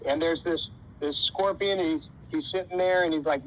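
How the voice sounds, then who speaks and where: A man's voice: on the high side, normal speed, fairly bright tone, a little hiss or hum, rough recording. A man coaching young wrestlers, telling a folksy story and quizzing his team in a casual, slangy way. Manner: folksy, uses dude and man, voices characters casually. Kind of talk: motivational storytelling talk.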